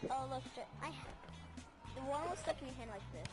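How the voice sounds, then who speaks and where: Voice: sits high, lively intonation, brisk. A player in casual game chat, bossily explaining tricks to friends over a game mic. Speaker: gamer. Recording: loud game music behind.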